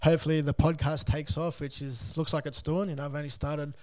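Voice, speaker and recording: A man in his thirties with an Australian accent, chatting casually about his coffee van in a home studio, relaxed, swearing and laughing often. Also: a little high, fairly quick. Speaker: podcast guest, coffee van owner. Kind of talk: casual interview chat.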